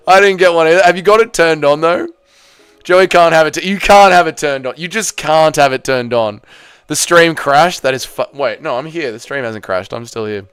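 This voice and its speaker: A man's voice: mid-range voice, normal speed, a bit bright, clean tone, no echo, soft background music. A man hosting a casual live stream, reading chat aloud, laughing and swearing often.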